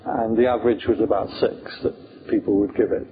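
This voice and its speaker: A man's voice: fairly low pitch, steady tone, brisk. A British man, a Buddhist monk, teaching meditation in an informal, humorous talk full of fillers. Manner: chatty, humorous, many fillers. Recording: tinny phone-like sound, faint hiss.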